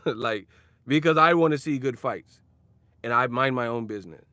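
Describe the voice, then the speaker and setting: A young boxing commentary vlogger goes on a casual rant full of slang, swearing and laughing as he talks. His voice is medium-pitched with a sharp tone at a normal speed, with frequent pauses and no echo.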